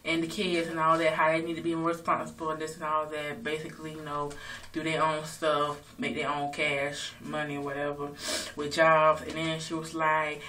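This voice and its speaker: A woman's voice: low voice, monotone, moderate pace, pushed and bright, slight background noise. A woman casually recapping a reality show episode, loose and rambling with lots of fillers and swearing. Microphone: phone. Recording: distant phone recording.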